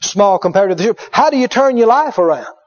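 A high-pitched, middle-aged male preacher delivers a story-driven sermon and hammers phrases home by repeating them. The recording sounds dull and lo-fi. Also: animated, brisk. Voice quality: emphatic, repetitive storyteller.

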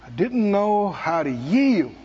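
A man preaching, telling a self-mocking personal story in an animated way. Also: high voice, slow pace, in a large hall, muffled recording. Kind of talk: testimony sermon. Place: church.

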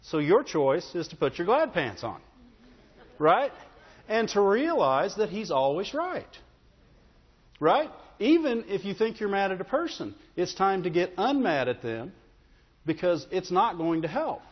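A man's voice: high-pitched, very animated, a little slow, husky. A man preaching a sermon as pastor, talking in a conversational way and often checking in with the congregation. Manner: conversational, repeats "Amen?" and "Right?". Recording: dull, with long hall reverb.

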